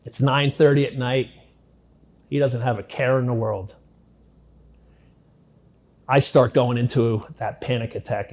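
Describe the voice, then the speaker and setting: A middle-aged man giving an interview, telling his story bluntly and with a lot of profanity, dropping to a hush at some moments and growing loud and intense at others. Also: mid-range voice, slightly rough. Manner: blunt, profane, intense retelling that swings between hushed and loud. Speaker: interviewee recounting his past. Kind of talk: first-person storytelling in an interview.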